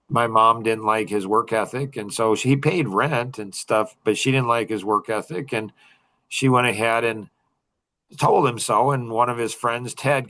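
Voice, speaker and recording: A man's voice: mid-range voice, fairly bright tone. A middle-aged man leading a young men's group talk, rambling with many restarts and fillers.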